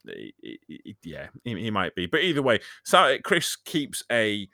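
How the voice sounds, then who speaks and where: A man's voice: lowish voice, wildly swooping pitch, unhurried, gravelly, sharp tone, dry recording, clean studio sound. A man hosting a casual podcast, rambling and jokey, with lots of fillers and restarts. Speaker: podcast host.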